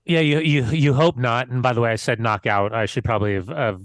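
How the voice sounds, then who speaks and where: A man co-hosting a podcast, a former player chatting casually, relaxed with halting restarts. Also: medium pitch, no room sound, clean studio sound. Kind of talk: casual chat.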